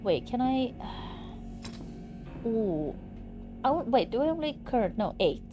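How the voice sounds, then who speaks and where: A woman's voice: on the high side, takes it slowly, soft background music. A young woman live-streaming a game, chatting casually and swearing freely as she talks to her viewers. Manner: animated, swears freely, talks straight to chat. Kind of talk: casual gaming stream chat.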